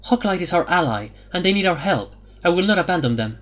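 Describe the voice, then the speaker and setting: A regal young queen, firm and earnest, played by a man reading the audiobook, in a high, lively voice that rides up on every conviction. She speaks with steady resolve and courtly poise. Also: quick pace. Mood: resolute. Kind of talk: audiobook character voice.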